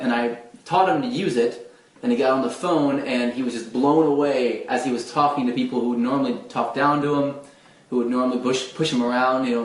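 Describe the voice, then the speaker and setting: A man coaching viewers on confident speech, talking earnestly with frequent restarts and fillers. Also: medium pitch. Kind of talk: direct-to-camera advice talk. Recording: roomy echo, mic at a distance.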